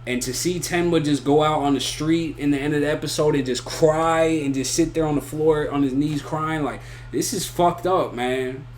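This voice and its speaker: A man's voice: on the high side, fairly even intonation, normal speed, hardly any pauses, a little mellow, a little hiss or hum. A man giving a casual, rambling spoken review of an anime, full of slang and repeated "you feel me" and "bro". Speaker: anime reaction YouTuber.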